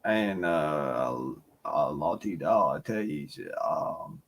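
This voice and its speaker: A man's voice: a bass voice, expressive, slow pace. A man with a Southern US accent chatting casually on a livestream, folksy and rambling, laughing often. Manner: folksy drawling storyteller, laughs often, mumbles some words. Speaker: livestream host.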